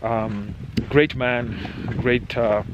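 A man's voice: mid-range voice, steady tone, drawn-out words, noisy background. Rambling man vlogging on a hike. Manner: rambling, joking, frequent "eh?" tags. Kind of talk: casual walking vlog narration. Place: outdoors on a muddy canyon trail.

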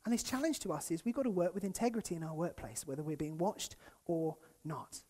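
Lively male preacher. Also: a little high, a little fast. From United Kingdom. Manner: lively and conversational, acts out quoted speakers, chuckles often. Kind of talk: sermon. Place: church.

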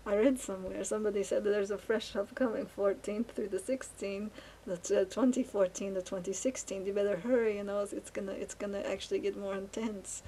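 A painting vlogger chats to the camera, her medium-pitched voice dark, mellow and edged with gravel, as she muses haltingly through fillers and restarts in a fairly level tone. The audio is poor, with a faint underlying hiss.

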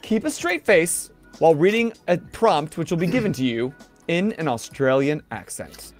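A man's voice: fairly high pitch, sing-song, normal speed, faint music behind. A man co-hosting a casual live stream, teasing his guests and laughing often. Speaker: co-host. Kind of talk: casual livestream chat.

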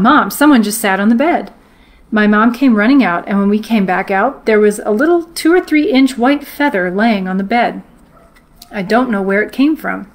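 Woman reading a ghost story aloud. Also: medium pitch. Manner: steady, measured storytelling read from a book. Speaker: host.

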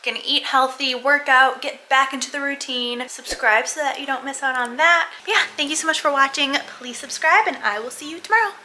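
Bright-voiced young woman vlogging at home. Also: a little fast, few pauses. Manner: talks to her dog in a high baby voice. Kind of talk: casual vlog chat. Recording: faint household noise.

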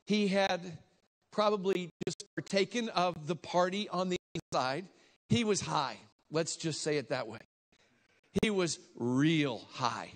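A male preacher with a fairly high voice tells a story from the pulpit with great animation. He swings between hushed asides and sudden shouted lines as he acts out the scene. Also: a little slow. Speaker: guest preacher. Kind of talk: storytelling sermon.

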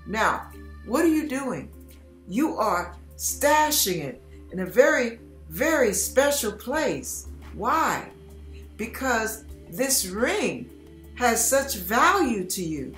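A woman's voice: fairly high pitch, very animated, slow pace. Woman telling a dramatic spiritual story. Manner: storytelling, dramatic, acts out panicked inner voices. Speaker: Christian vlogger. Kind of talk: spoken devotional message. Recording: echoey room with soft background music.

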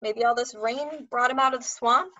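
A man's voice: very high-pitched, moderate pace, sharp tone, dry recording, voice pushed up, full character voice. A jittery construction foreman man, stammering and defensive, never quite in control, as a woman reads him aloud. Dry and a touch muffled. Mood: flustered. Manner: flustered, defensive.

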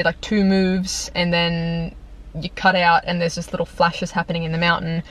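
Young woman vlogger, casual exasperated movie rant, chatty, filler-heavy. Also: lowish voice. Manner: chatty and exasperated, lots of "like", breaks into laughter. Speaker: video reviewer. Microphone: compact camera on tripod.

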